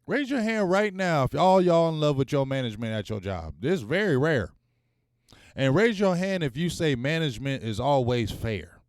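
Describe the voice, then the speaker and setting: A man's voice: a little high, normal speed, no room sound, studio quality. A man hosting a live-streamed sports talk show, speaking in casual slang and calling out to his viewers. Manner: animated, talks straight to viewers, casual slang.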